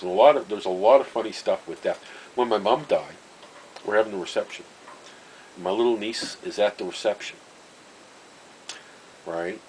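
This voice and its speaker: Middle-aged man, low voice, rambling storyteller who laughs at himself, faint hiss under the recording. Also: rough recording. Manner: rambling, self-interrupting, chuckling at his own stories. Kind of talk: casual storytelling monologue.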